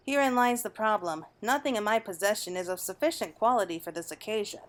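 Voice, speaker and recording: A woman reading the lines of a calm, blind retired mercenary who is now a male wine connoisseur in a video game, speaking in a measured, refined way. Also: mid-range voice, lightly acted.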